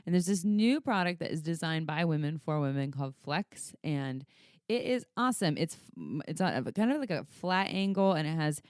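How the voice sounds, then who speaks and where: A woman's voice: sits low, animated, moderate pace, clear, resonant tone, no echo, clean studio sound. Frank, playful woman podcast co-host. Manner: frank, playful, laughs often. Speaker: podcast co-host, sex educator. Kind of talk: casual podcast chat.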